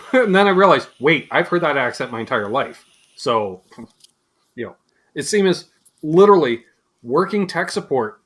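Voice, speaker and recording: Lively Canadian man telling stories. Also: a little high. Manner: animated storyteller, mimics voices in anecdotes. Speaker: host. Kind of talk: casual chat.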